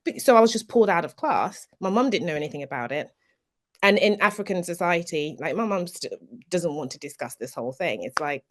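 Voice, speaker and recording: A woman's voice: fairly low pitch, lively intonation, fairly quick. A woman speaking as a panelist in a casual podcast discussion, earnest and often restarting her sentences. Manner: earnest, restarts often, stresses key words.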